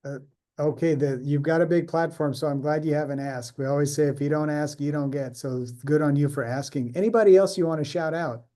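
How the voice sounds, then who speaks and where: A man's voice: a little high, steady tone, a little fast, mellow. A man hosting a panel discussion, introducing guests and asking questions in an upbeat, encouraging way. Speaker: host.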